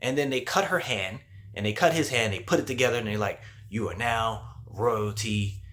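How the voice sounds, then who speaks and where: A man's voice: medium pitch, animated, fast talker, fairly bright tone. A male host giving a casual spoiler movie review, retelling the plot in a loose, slangy way with lots of "like".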